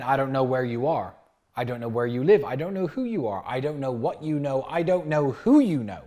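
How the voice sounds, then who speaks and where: Brash male monologuist, fairly high voice with a lot of swing, crude and blunt. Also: darkish tone. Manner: acts out little dialogues in different voices. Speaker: dating and lifestyle talker. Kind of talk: motivational monologue.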